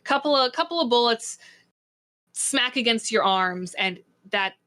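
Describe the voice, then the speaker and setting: A woman game master narrating a tabletop actual play. She tells the scene in a lively way and laughs often as she goes. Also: on the high side, unhurried.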